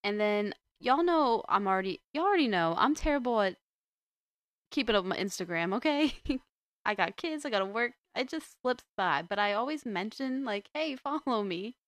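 Chatty woman podcast host, smooth voice. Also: on the high side, expressive, moderate pace, fairly bright tone, dry recording. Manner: chatty and rambling, with many restarts. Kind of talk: casual chat.

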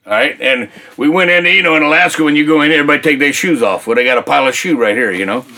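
An older man telling his faith testimony in a folksy, colloquial, animated way. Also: on the high side, very fast. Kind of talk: casual faith testimony storytelling.

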